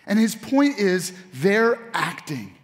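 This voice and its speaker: Male pastor, high voice, animated sermon delivery, long church reverb. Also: takes it slowly. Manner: animated preaching with audience call-outs. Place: church sanctuary.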